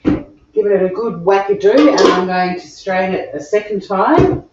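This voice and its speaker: Australian woman, home cook host, bubbly live-stream chatter, mid pitch, slightly muffled lo-fi sound. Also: expressive, unhurried, a little mellow, a little hiss or hum. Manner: bubbly, chatty, talks to viewers while cooking. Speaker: cooking show host. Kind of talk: live-streamed cooking chat. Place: home kitchen.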